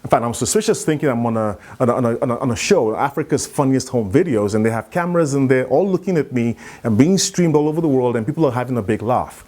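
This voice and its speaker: A man giving a conference talk, telling a story in an animated way and acting out the dialogue. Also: mid-range voice, fast, few pauses. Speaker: keynote speaker.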